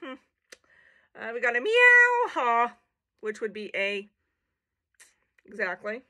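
Woman, playful picture-book reader, slow unhurried delivery, fairly high voice, jokey asides. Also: sing-song, sharp tone. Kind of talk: casual picture-book read-aloud.

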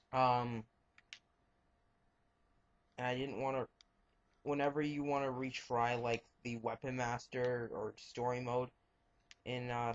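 A man's voice: medium pitch, slight background noise. A young man giving rambling, frank commentary over his gameplay and muttering reactions as he plays. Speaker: let's play gamer. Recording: dull lo-fi home mic.

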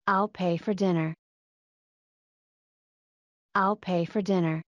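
A woman's voice: on the low side, steady tone, slow pace, no room sound, muffled recording. A woman reading short everyday English phrases for learners, each one twice, carefully enunciated.

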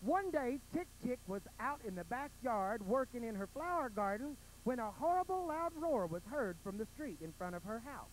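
A man's voice: very high voice, very animated, moderate pace, hardly any pauses, a little hiss or hum, rough recording. A male drag performer on a pageant stage narrating a bawdy fairy tale in a mock-sweet, campy storybook manner into a stage microphone.

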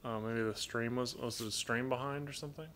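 A man with a raspy voice hosting a casual live Q&A stream from home, in a loose, rambling way, reading chat messages aloud and talking to his pet birds. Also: mid-range voice, steady tone, fairly quick, a bit bright, a little hiss or hum.

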